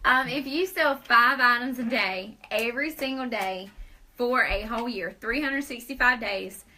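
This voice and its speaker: A bright, high-pitched young woman hosts a casual live video chat. She talks in an upbeat, persuasive way and laughs often. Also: normal speed, poor audio. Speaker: host.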